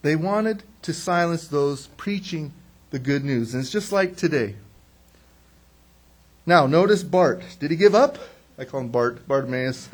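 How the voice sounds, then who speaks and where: A man's voice: fairly high pitch, unhurried, slightly rough. A man preaching a sermon in a conversational way, asking questions and answering them himself, and acting out quotes. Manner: animated, acts out quotes. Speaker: pastor.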